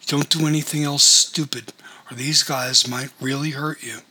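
A man reading a tough, wry male school staffer who talks quickly. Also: mid-range voice, steady tone, bright, forceful tone, breathy edge, rough recording.

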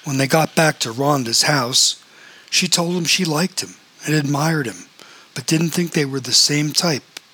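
Bright, husky man narrating an audiobook. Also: on the high side, animated, measured pace, low-quality recording.

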